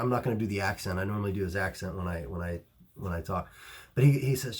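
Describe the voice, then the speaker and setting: A man who runs a martial arts gym, telling a story to camera in a casual, animated way, full of restarts and fillers. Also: on the low side, fast talker. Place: Ohio.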